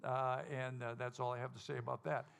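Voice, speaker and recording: A man hosting a live country music show, telling a folksy, animated story to the audience and acting out the quotes. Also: medium pitch, fairly quick, creaky, smooth. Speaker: stage host and singer at a country music show. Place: live music venue stage.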